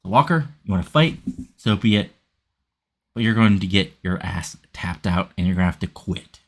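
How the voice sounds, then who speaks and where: A man's voice: low-pitched, animated, normal speed. A man voicing a threatening veteran male wrestler issuing a warning to a younger rival. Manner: menacing, gruff.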